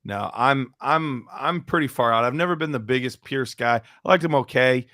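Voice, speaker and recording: A man's voice: medium pitch, moderate pace, bright, forceful tone, dry recording, clean studio sound. A man hosting a podcast, chatting casually and loosely, fumbling through his notes as he tosses questions to a guest. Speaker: podcast host. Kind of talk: casual sports chat.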